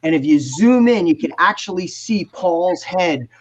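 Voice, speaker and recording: A man, telling animated, profane stories as a guest on a video call. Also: sits high, unhurried, low-quality recording. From New Jersey. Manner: animated, profane storyteller, acts out quotes. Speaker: guest musician. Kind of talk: casual storytelling on a video call panel.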